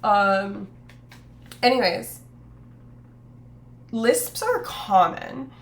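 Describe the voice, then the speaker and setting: A woman's voice: medium pitch, lively intonation, drawn-out words, a little hiss or hum. A woman streamer chatting casually on a live stream, rambling with lots of fillers and self-corrections, reading her chat aloud. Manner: reads chat aloud and reacts.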